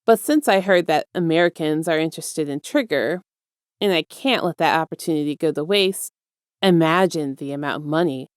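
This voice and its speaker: Smug, playful villain mastermind, read by a woman, pitched a little low, dry close mic. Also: normal speed, clear, resonant tone, dry recording, lightly acted. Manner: teasing, self-assured, chummy.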